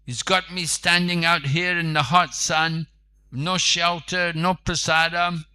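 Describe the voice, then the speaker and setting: Storytelling preacher man voicing an angry, impatient holy master; loud and demanding, bright tone. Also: a little high, flat delivery, slow, clean tone, full character voice. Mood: indignant. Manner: indignant, raised demanding voice. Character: impatient divine master cursing angrily.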